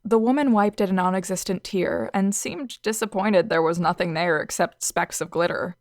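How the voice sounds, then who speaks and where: A woman's voice: fairly low pitch, moderate pace, no echo. A young woman narrating a first-person audio story in a dry, sarcastic manner.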